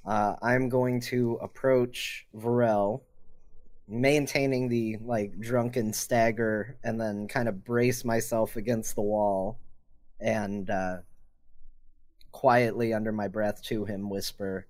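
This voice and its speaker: A man playing a tabletop role-playing game, stating his character's actions in a deliberate, thinking-aloud way. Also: lowish voice, steady tone, a little mellow. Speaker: player. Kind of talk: casual tabletop game play.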